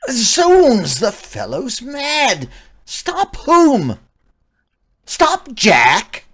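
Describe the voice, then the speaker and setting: A woman playing a hot-tempered old gentleman and father, blustering and exclaiming. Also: a little high, wildly swooping pitch, drawn-out words, husky, heavily acted. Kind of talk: stage comedy acting.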